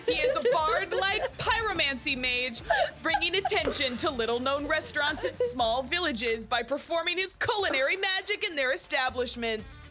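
A woman's voice: high voice, lively intonation, normal speed, music in the background. A woman player narrating a tabletop game scene in a descriptive storytelling way. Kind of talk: tabletop role-play narration.

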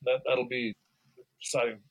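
An older man as a podcast guest, telling stories in a halting way, repeating words and laughing as he goes. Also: medium pitch, level tone, lo-fi sound. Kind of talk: casual interview chat.

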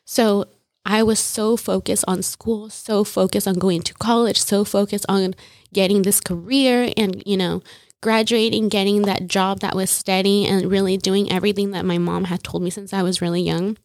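A woman's voice: medium pitch, steady tone, moderate pace, a little mellow, no echo, clean studio sound. A young woman as an interview guest, telling her story casually and often acting out quotes with lots of "like". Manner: chatty, often says "like" and acts out quotes.

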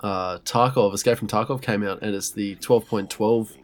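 A man's voice: fairly low pitch, steady tone, normal speed. A young man, co-hosting a casual podcast in a laid-back, sweary way. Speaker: podcast co-host. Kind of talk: casual chat.

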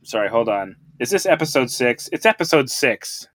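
A man's voice: medium pitch, sing-song, moderate pace, fairly bright tone, no echo, clean studio sound. A man hosting a casual podcast, laid-back and meandering, chuckling between lines. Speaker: podcast host.

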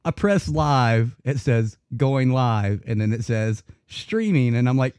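A man's voice: mid-range voice, lively intonation, takes it slowly, hardly any pauses, a little mellow, clear, resonant tone, no echo, studio quality. A man hosting a live podcast, chatting casually, swearing and joking as he rambles. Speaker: podcast host. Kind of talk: casual live-stream banter.

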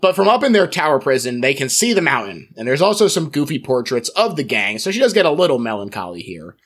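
A man's voice: medium pitch, sing-song, fast. A man hosting a podcast, recapping a film's plot playfully and laughing at his own jokes. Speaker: podcast host. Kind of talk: plot recap and casual chat.

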